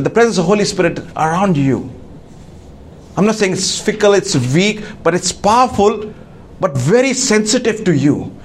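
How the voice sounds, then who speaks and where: Halting male preacher, slightly high voice. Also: a little hiss or hum. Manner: halting, many fillers and restarts. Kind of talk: sermon. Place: church.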